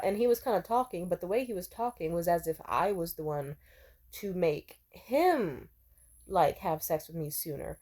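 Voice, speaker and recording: A woman's voice: lowish voice, animated, moderate pace, a little mellow. A young adult woman telling a personal story to camera, blunt and profane, talking casually with lots of fillers. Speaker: vlogger.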